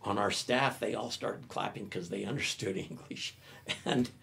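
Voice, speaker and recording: Older man, gravelly voice, lively storytelling talk. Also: fairly low pitch, moderate pace. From United States. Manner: animated storyteller. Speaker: professor giving a talk.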